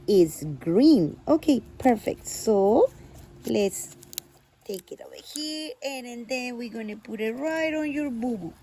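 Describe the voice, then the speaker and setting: High and unhurried, a woman plays out a toddler-doll story with big dramatic gasps and cries. She coos gently at little toy animals, drawing the words out slowly. There is a faint hiss behind her voice. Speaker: doll play narrator. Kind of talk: playful toy play voicing toddler dolls.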